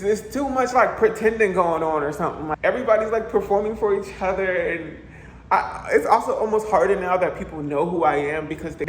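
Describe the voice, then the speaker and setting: A man's voice: a little high, slight background noise. Chatty man ranting in an echoey apartment. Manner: chatty, animated, with playful asides. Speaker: vlogger. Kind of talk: casual vlog rant. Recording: echoey room with faint ambience.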